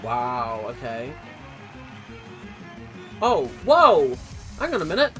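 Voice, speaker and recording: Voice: medium pitch, huge pitch swings, slow, sharp tone, soft background music. A reaction video host giving chatty, rambling commentary, laughing often and swearing casually.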